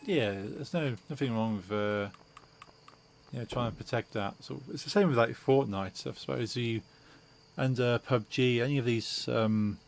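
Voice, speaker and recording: A man's voice: medium pitch, moderate pace, creaky, a little hiss or hum. A man streaming a game, chatting casually and hesitantly with lots of fillers and restarts. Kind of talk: casual gaming chat.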